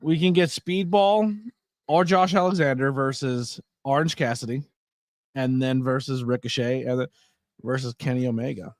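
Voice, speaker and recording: A man's voice: mid-range voice, steady tone, moderate pace, no echo, studio quality. A tired, yawning man hosting a casual watch-along stream, chatting to viewers in the chat. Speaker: podcast host.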